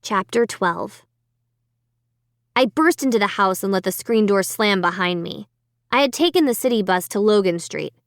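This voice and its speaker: A woman reading a children's horror book aloud in first person, with expressive dramatic delivery on a close microphone. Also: mid-range voice, no echo. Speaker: audiobook narrator. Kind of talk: scripted first-person narration.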